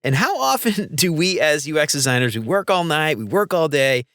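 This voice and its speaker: Excited guy hosting a podcast, kinda high voice, dry close sound. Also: no echo. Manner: enthusiastic, gushing, quick-talking. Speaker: podcast host. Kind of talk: casual podcast interview.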